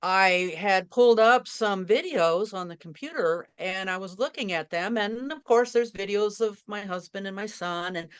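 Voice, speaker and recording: An older woman, a guest author in an interview, telling her story earnestly, her voice softening and trailing off. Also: medium pitch, normal speed, few pauses, clean tone.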